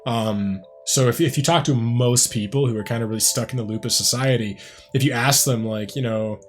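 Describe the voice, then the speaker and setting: A man's voice: mid-range voice, brisk. A man hosting a music reaction video, talking in a rambling, reflective way, full of "like" and "um". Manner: rambling and reflective, heavy use of "like" and "um". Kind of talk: casual reaction commentary.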